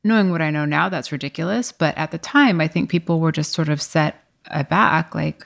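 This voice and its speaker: Low creaky-voiced woman telling a story. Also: normal speed. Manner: animated, self-deprecating, laughs often. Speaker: guest, wine business co-founder. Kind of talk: storytelling interview talk.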